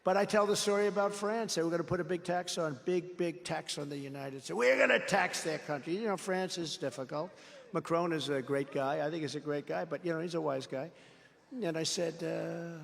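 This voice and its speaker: In a large indoor hall, a man with a fairly high, creaky voice speaks briskly at a political rally. His off-the-cuff speech is boastful and repetitive, full of rambling stories.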